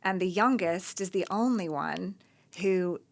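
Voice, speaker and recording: Guest author, middle-aged woman, low gravelly voice, relaxed storyteller. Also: a little slow. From western United States. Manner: thoughtful, storytelling, laughs easily. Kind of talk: casual conversation.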